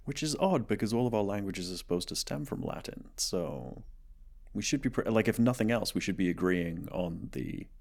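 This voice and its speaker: Deep, laughing Canadian host. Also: male voice, expressive, moderate pace, gravelly. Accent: Canadian English. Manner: rambling, self-mocking, bursts of loud laughter. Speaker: podcast host. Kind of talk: casual chat.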